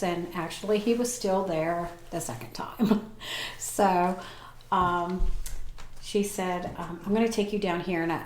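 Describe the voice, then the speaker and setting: A woman in her forties telling a personal story as a podcast guest, lively and acting out the people she quotes. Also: on the low side, a little hiss or hum. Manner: animated, acts out voices in her story. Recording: echoey room.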